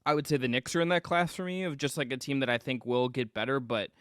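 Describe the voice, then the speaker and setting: A man co-hosts a casual basketball podcast in a bright, forceful voice, talking fast and often tripping over his own restarts. His voice is dry and close on the mic. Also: mid-range voice, smooth, dry recording. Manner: animated, quick, stumbles into restarts. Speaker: podcast co-host. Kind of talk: casual sports podcast chat.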